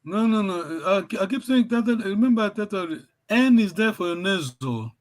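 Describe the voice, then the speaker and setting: A man teaching a language class in a high voice, often praising his students. He talks haltingly, repeating and restarting his phrases as he explains. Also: lively intonation.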